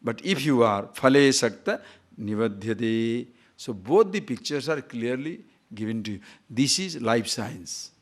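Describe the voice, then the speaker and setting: A man lecturing on scripture as a spiritual teacher, chanting Sanskrit verses and acting out examples, swinging between loud and hushed. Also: mid-range voice, lively intonation, a little slow.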